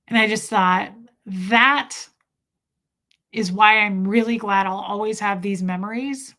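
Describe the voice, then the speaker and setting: A woman in her thirties telling an emotional personal story about her family, speaking haltingly with restarts. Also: mid-range voice, sharp tone. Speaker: vlogger.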